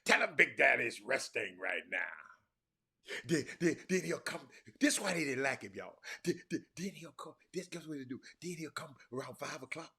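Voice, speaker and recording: A man hosting a casual livestream talk from a hotel room. He is an animated storyteller who repeats and restarts words and keeps calling out to his viewers as y'all. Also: fairly high pitch, brisk, hardly any pauses, husky. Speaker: talk show host.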